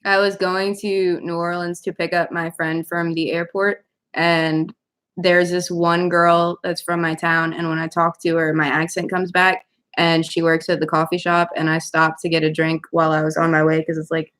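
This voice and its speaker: A woman's voice: lowish voice, monotone, normal speed, a bit bright. A young woman from Louisiana hosting a casual livestream, chatting laid-back with viewers and answering their comments. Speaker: livestream host, writer.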